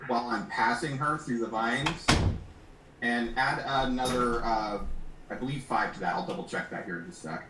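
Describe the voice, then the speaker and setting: A man's voice: medium pitch, normal speed, heavy background noise. A man playing a tabletop game, working through his turn methodically and thinking aloud. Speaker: player. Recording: echoey room, far from the mic.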